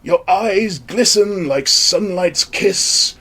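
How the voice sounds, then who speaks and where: Florid, self-satisfied older poet, husky and animated; a man voices him. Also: high voice, slow, voice pushed up, exaggerated voice. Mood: pompous. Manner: pompous, florid declaiming. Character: older man, pompous failed would-be poet.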